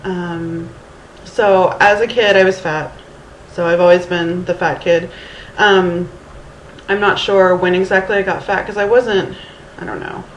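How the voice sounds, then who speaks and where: There's a little hiss or hum under this woman's lowish, steady, somewhat slow voice. A thirties-aged vlogger from Houston, Texas, she rambles through a casual storytime with Valley Girl-like phrasing, plenty of ums and restarts, speaking into her camera mic amid roomy, faint ambience.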